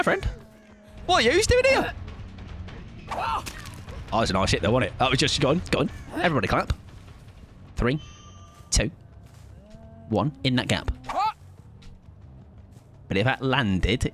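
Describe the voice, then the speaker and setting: A man's voice: fairly low pitch, fairly bright tone. A man streaming a game, chatting casually in a self-mocking, playful way. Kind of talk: casual gaming commentary.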